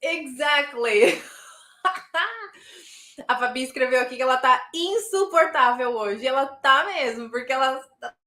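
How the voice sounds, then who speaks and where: A woman from Brazil with a Brazilian Portuguese accent, teaching a live online English lesson and warmly praising her learners. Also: high voice, moderate pace, long pauses, echoey room. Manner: encouraging, praising learners often.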